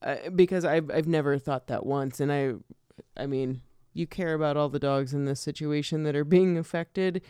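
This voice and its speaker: Woman podcast co-host, casual film chat, lively and laughing, smooth clear voice, dry close mic. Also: low-pitched, moderate pace, no room sound. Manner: animated, laughs often, loves animals.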